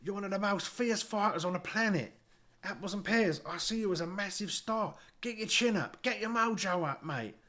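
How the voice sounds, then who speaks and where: A man's voice: high voice, moderate pace, bright, forceful tone, pitched above the performer's own voice. A man mocking a smarmy Essex-accented boxing promoter. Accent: put-on Essex. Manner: mocking, cajoling. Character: smarmy flattering male boxing promoter, fake geezer.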